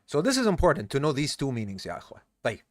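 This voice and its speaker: A tired teacher of an Islamic study course leads a live class, explaining step by step, quizzing students and mixing in Arabic terms. His mid-range voice swings hugely in pitch and moves very fast, captured in studio quality with no room sound.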